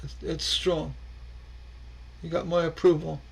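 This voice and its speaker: Gravelly high-voiced man chatting slowly. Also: flat delivery, low-quality recording. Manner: rambling, chuckling, stammering repeats. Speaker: stained glass livestream host. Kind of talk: casual livestream chat.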